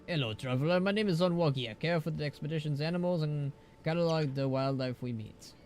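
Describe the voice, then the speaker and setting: A man's voice: fairly high pitch, fast, darkish tone, a little hiss or hum, pitched above the performer's own voice, lightly acted. A man voicing a male troll animal keeper in a game, speaking in a loose troll dialect. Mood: folksy. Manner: island troll dialect with "be" in place of "is".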